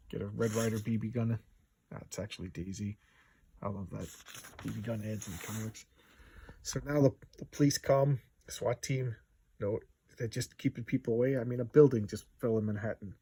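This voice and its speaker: A man's voice: lowish voice, steady tone, normal speed, long pauses, warm tone, a little hiss or hum. A man in his fifties casually talking through an old comic book page by page, enthusiastic and rambling with asides.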